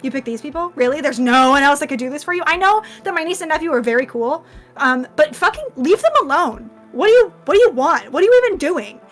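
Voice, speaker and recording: A woman plays a fiercely protective aunt with a high voice. She scolds bluntly and swears freely. A faint music bed sits underneath. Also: lively intonation, a little fast, fairly bright tone. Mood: furious.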